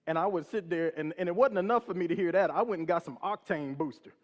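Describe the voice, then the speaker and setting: A man in his forties telling a personal story on stage in an animated way, laughing at his own tale. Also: high voice, fast talker. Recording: long hall reverb.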